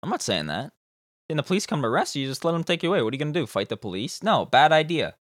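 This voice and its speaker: Canadian dude on a podcast, super animated, keeps laughing and swearing. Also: male voice, fairly high pitch, rapid-fire, dry recording, studio quality. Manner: animated, profane, laughs often. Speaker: podcast co-host. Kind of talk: casual chat.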